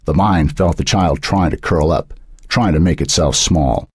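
Deep, husky male narrator. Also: unhurried, dry recording, studio quality. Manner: dark, suspenseful storytelling. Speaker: audiobook narrator. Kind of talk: scripted narration.

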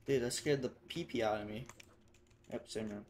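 A man giving casual, profane commentary while playing a game, swinging between mutters and excited shouts. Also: medium pitch, normal speed, slight background noise. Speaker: gamer.

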